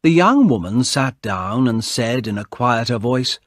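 Man, storybook narration, slow, expressive, husky, dry. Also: medium pitch, no echo. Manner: clear, expressive read-aloud. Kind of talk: slow storybook reading for English learners.

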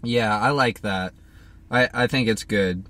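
A male podcast co-host with a fairly low voice. He talks in a relaxed way with frequent fillers and also narrates script passages. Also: measured pace. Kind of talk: casual chat and script narration.

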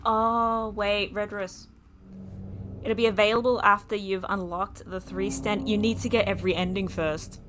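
A woman streaming a video game live, chatting through her play and reacting loudly, often exclaiming and swearing. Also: medium pitch, steady tone, moderate pace, noisy background. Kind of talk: live gameplay commentary.

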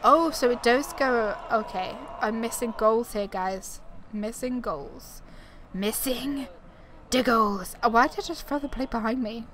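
A woman's voice: a little high, animated, measured pace, background noise. A woman doing chatty let's play commentary at home on a desktop mic, narrating her moves and often laughing. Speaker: gaming YouTuber. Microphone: desktop USB mic.

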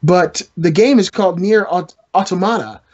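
A man's voice: sits high, moderate pace, a little mellow, husky, highs cut off. A man hosting a casual gaming podcast, rambling and joking with his co-hosts. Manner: rambling, joking, trash-talking. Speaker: podcast host.

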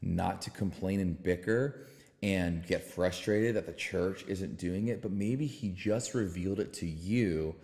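Low-voiced man pastoring on a podcast, fervent and excitable, long reverb tail, brief note. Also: unhurried. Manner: fervent, bursts into excited exclamations. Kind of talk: casual faith podcast chat.

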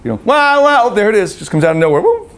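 A man's voice: high-pitched, sing-song, rapid-fire, a bit bright. A middle-aged man coaching on relationships in a live seminar, swearing freely and acting out the voices of babies and parents.

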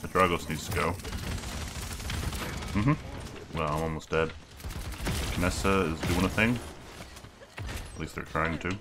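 Low-voiced man muttering game commentary. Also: unhurried, long pauses, noisy background. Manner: low-key muttered asides with wry remarks. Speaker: gameplay commentator. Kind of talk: casual let's play commentary. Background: game music and gunfire.

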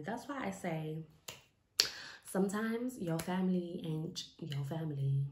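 A young woman from retelling a personal story for a vlog, animated and repeating lines for emphasis, acting out what people said. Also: lowish voice, measured pace. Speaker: vlogger telling a story. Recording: echoey room with faint noise.

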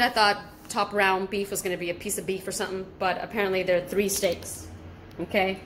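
Woman from socal chatting while she cooks at home, mid pitch, flips between spanish and english, swears a lot. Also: a bit bright, slight background noise. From Southern California, US. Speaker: home cooking vlogger. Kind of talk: casual cooking vlog chat.

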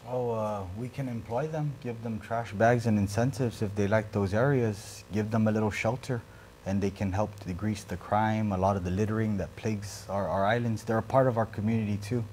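Male candidate, Guam accent, low voice, eager, faint room noise. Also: steady tone, a little fast, darkish tone. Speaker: senatorial candidate. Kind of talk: answering panel questions.

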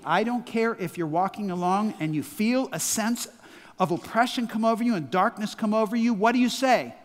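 A man's voice: high voice, normal speed. A man in his sixties with a Midwestern American accent, a pastor preaching a sermon with emphatic call-and-response, recorded in a large church hall. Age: 60s. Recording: long church-hall reverb.

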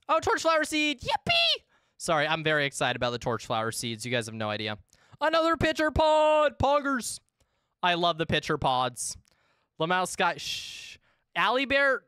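Excitable young woman streamer. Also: low voice, clear, resonant tone, no room sound, studio quality. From United States. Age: 20s. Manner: excitable, chatty, swears freely, chats with her viewers. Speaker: game streamer. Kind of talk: casual live-stream chat.

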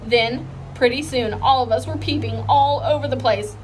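A woman reading a children's chapter book aloud with expressive storytelling. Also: fairly high pitch, moderate pace, a little hiss or hum, rough recording. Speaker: reader.

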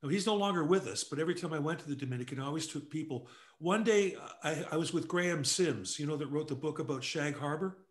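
Recorded in an echoey room, this older guest from Canada shares casual stories in a somewhat high voice. He laughs often and performs the quoted lines with lots of energy.

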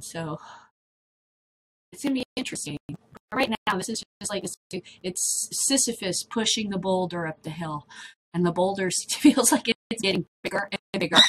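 A woman's voice: on the low side, slight background noise, poor audio. A middle-aged woman hosting a casual video blog, rambling to the camera with frequent laughter. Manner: chatty, laughs often, drifts between topics. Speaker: vlog host.

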